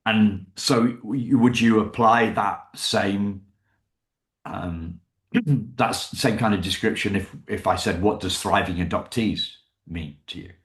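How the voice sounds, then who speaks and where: Interview host, man, low and unhurried, halting, restarts often. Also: a bit bright, roomy sound. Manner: halting, restarts questions, frequent "yeah" backchannels. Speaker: podcast host.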